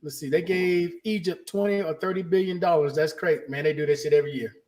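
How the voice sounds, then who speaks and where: A man's voice: on the high side, fairly even intonation, darkish tone. A man hosting a casual podcast, talking bluntly and saltily. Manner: blunt, salty, fast-talking. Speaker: podcast host.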